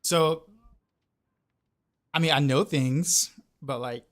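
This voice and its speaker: A man with a slightly high voice takes his time as he streams a game and chats loosely with viewers. The talk wanders, padded with many "like" fillers and repetitions.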